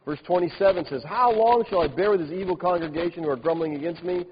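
A man with a fairly high voice preaches a sermon, reading scripture and then animatedly mocking the complainers he describes. The recording is dull and lo-fi, with a long hall reverb and a faint hiss behind him. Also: quick pace. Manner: animated, mocking the complainers with laughs and exaggerated quotes. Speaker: pastor.

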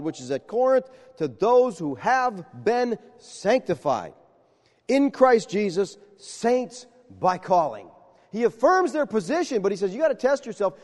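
A man preaching a sermon, telling stories with animated acted-out dialogue. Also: high voice, big-room sound. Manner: animated storytelling, acts out dialogue. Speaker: pastor.

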